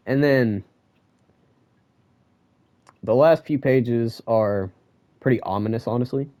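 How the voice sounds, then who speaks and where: A young man giving a casual manga chapter review, ranting and excitable and full of slang. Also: fairly low pitch, measured pace, pauses often, clear, resonant tone, no echo.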